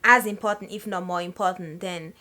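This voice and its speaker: Co-host: woman with a sharp bright voice, thoughtful and conversational in a movie talk. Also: lowish voice, a little fast. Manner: thoughtful, steady affirming murmurs. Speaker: podcast co-host. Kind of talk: casual film review chat.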